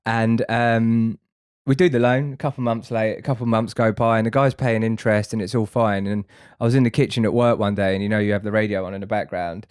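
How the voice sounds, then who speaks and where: A man's voice: on the low side, fairly even intonation, fairly quick, few pauses, darkish tone, smooth, no echo, clean studio sound. Man telling a story, sweary. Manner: swears freely, laughs through the story. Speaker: podcast co-host. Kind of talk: casual storytelling.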